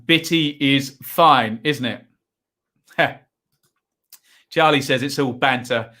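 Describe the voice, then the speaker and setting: A man's voice: medium pitch, slow, sharp tone. A man hosting a live football watchalong, giving chatty, rambling commentary full of asides and tag questions. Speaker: watchalong host.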